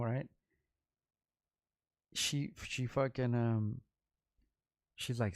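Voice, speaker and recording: Middle-aged rapper hosting his own vlog, gravelly, rambling and profane, recorded dry. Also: mid-range voice, measured pace, long pauses, no room sound. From Los Angeles. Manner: rambling, profane, animated retelling with repeats. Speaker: vlog host, underground rapper. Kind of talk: casual storytelling.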